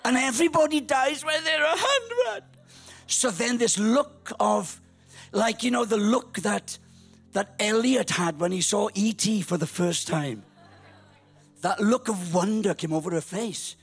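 A man in his sixties preaching a humorous storytelling sermon, lively, rising to shouts. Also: sits high, unhurried, slightly rough, soft background music. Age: 60s. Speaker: pastor.

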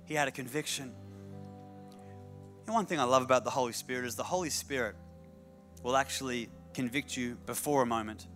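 A man's voice: mid-range voice, fairly quick, pauses often, a bit bright, faint music behind. A man preaching a sermon, repeating key phrases for emphasis and slipping in humorous asides.

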